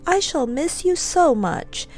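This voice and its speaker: A woman's voice: sits high, expressive, takes it slowly, a little mellow, faint music behind, voice pushed up. A woman voicing a timid, clingy young male pony in a storybook reading, talking in an anxious, pleading way.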